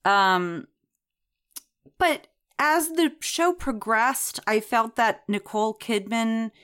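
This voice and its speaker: A woman's voice: on the high side, slow pace, fairly bright tone, clean tone. A woman co-hosting a podcast in casual chat, chatty and digressive, with many fillers and frequent laughter. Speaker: podcast co-host reviewing a TV series.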